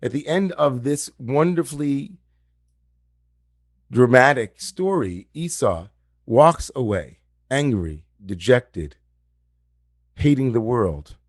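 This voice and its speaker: A man's voice: mid-range voice, animated, slow pace, pauses often, no room sound, clean studio sound. A man giving a reflective sermon as a rabbi at an online service, speaking over a video call and repeating key phrases for emphasis.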